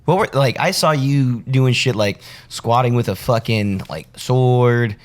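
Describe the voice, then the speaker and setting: A man's voice: medium pitch, measured pace. Guy hosting a podcast, crude jokes, lots of curious questions. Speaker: podcast host. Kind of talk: casual chat.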